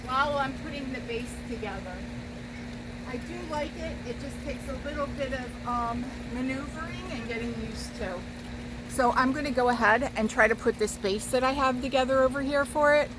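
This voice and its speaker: A woman casually chatting while filming outdoors in her backyard, talking viewers through her setup. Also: normal speed. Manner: chatty, calls to her cat in a high sing-song. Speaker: vlogger. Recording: outdoor background noise.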